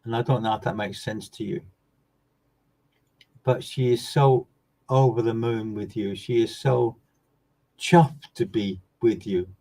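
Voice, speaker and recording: A man, a medium giving live readings and speaking to viewers by name. He is earnest and emphatic, repeats words for stress, and swings from loud bursts down to soft low asides. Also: steady tone, unhurried, long pauses, low-quality recording.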